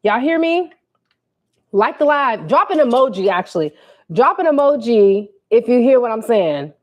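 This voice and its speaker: A woman's voice: on the high side, moderate pace. A young woman, telling a casual storytime on a livestream and acting out what people said. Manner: animated, quotes people in put-on voices, talks to viewers. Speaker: livestream host.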